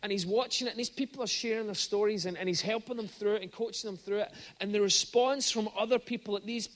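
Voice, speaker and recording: A man with a notably high voice gives a sermon at a church service. He talks like he is chatting, tells stories, and climbs into emphatic peaks. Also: fairly even intonation, fast. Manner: conversational storytelling, with bursts of rising emphasis. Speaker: guest preacher.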